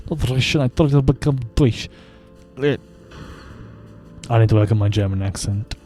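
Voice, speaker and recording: A man's voice: mid-range voice, normal speed, warm tone, soft background music. A man streaming a video game, giving casual, wry commentary with frequent chuckles. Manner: wry, amused, chuckles often.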